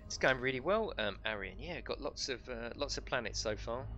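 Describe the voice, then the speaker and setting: Lively man streaming a game. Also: mid-range voice, fairly quick, soft background music. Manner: jokey, chatty, reads out chat and laughs often. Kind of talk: casual live-stream commentary.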